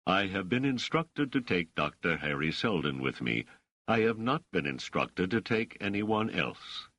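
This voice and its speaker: A man voicing a tall, stolid male sergeant in an audiobook, speaking slowly and formally in a rumbling bass. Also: very animated, a bit bright, no echo, full character voice.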